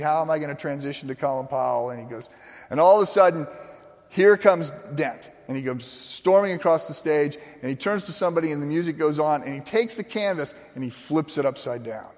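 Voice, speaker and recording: A man's voice: a little high, moderate pace. A man preaching a sermon, telling a story in a loose, conversational way and acting out the people he quotes. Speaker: pastor. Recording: long hall reverb.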